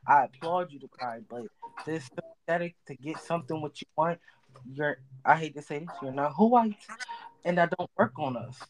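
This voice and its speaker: Woman, podcast guest, casual chat, slangy, emphatic, lively. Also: sits low, moderate pace, poor audio.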